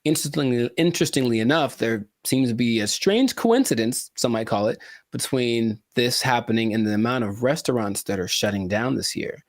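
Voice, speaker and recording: A man hosting a casual podcast, animated and jokey, with rambling asides. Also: medium pitch, a little fast, dry recording, studio quality. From California. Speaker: podcast host and musician.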